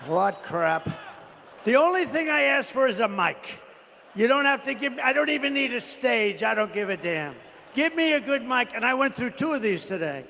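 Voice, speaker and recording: A man's voice: extremely high pitch, big pitch swings, normal speed, creaky, bright, forceful tone, a little hiss or hum. A man giving a rambling, indignant rally speech, grumbling about his microphone, recorded in an echoing arena. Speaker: political candidate at a rally.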